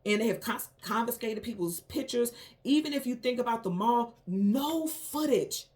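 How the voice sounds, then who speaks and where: A woman hosting her own tarot channel, recounting a dream and airing suspicions in an animated, emphatic and indignant casual monologue. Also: a little high, brisk. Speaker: tarot reader, channel host.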